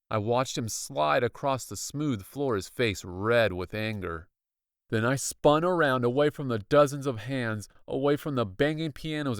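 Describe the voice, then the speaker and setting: A man reading a spooky children's book aloud in slow, dramatic scripted narration. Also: clear, resonant tone, no room sound, clean studio sound. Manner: slow, dramatic storytelling with lively pitch. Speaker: audiobook reader.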